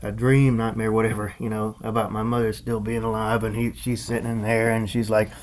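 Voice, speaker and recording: A man's voice: fairly low pitch, level tone, a little fast, a little hiss or hum. A grown man vlogging, telling a nightmare in a loose, rambling way full of fillers and restarts. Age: adult. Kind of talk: rambling casual monologue.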